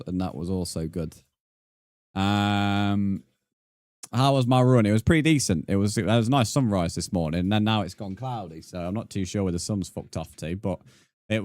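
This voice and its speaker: A young man talks to his live chat in a lowish voice, chatty and easily amused. The sound is close and dry, with no room echo. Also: normal speed, darkish tone. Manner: chatty, reads and answers chat messages, laughs often. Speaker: streamer. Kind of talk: casual live-stream chat.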